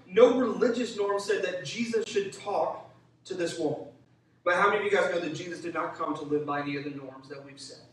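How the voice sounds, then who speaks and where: High-voiced pastor preaching in an echoey hall. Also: male voice, far from the mic. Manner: energetic, calls for congregation responses; acts out voices of biblical figures. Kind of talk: sermon. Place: church sanctuary.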